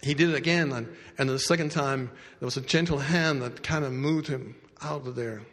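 A man preaching to a congregation, telling a story with loud bursts and quiet asides. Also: medium pitch, steady tone, moderate pace. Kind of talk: sermon storytelling. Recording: long hall reverb.

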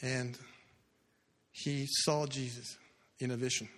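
Bright-voiced man preaching in a reverberant hall. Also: little pitch movement, slow. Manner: dramatic, swings from loud bursts to hushed low lines. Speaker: pastor. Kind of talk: sermon storytelling.

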